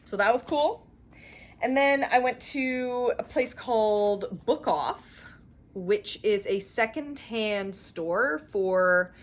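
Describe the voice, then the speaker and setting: A woman's voice: mid-range voice, a little hiss or hum. Chatty, gushing woman crafter. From Canada. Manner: gushing, chatty, lots of fillers and laughs. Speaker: cross-stitch channel host. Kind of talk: casual show-and-tell chat.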